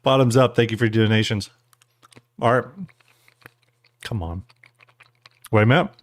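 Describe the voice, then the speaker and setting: Slightly tipsy and relaxed, a streamer with a lowish voice talks at a measured pace with no room sound. He rambles while munching jelly beans, thanks his donors and explains the giveaways.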